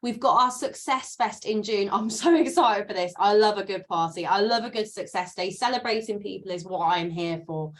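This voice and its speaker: A woman mentor runs a training session over a video call, upbeat and motivational in tone. She leans on repetition to press her points home, in a mid-pitched voice. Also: normal speed, hardly any pauses. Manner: upbeat, motivational, repeats words for emphasis.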